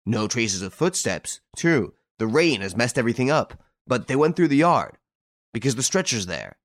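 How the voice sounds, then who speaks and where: A man's voice: medium pitch, sing-song, moderate pace, dry recording, pitched above the performer's own voice, natural voice. A man reading an audiobook, voicing a police inspector giving a matter-of-fact report. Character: police inspector, earnest and dutiful.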